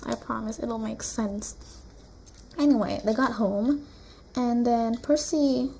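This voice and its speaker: A woman's voice: fairly high pitch, creaky, a little hiss or hum. A woman vlogger casually retelling a novel at home, chatty and rambling, with many asides. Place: room at home with a blue wall.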